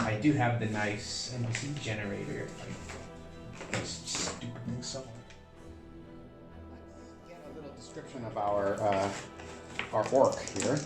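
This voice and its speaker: A man narrating a solo tabletop game, thinking aloud with many pauses and fillers. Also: on the low side, roomy sound.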